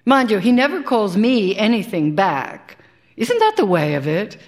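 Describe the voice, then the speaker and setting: A woman's voice: medium pitch, very animated, unhurried. A woman, an actor, giving a live dramatic reading of a first-person short story, in a wry, conversational way with dry asides. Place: live stage performance.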